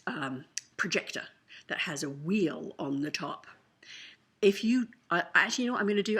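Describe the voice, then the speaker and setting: A woman's voice: low-pitched, breathy edge. A tired woman giving a candid, emotional writing lesson in a chatty, casual way. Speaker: writing coach. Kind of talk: casual teaching monologue to camera.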